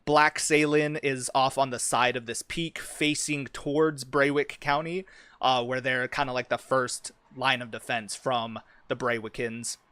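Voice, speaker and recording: A man in casual stream talk, rambling through his worldbuilding with plenty of swearing and ums. His voice is smooth and resonant at a middle pitch. The sound is dry and close, with no room echo. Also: fairly bright tone. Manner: rambling, profane, many fillers.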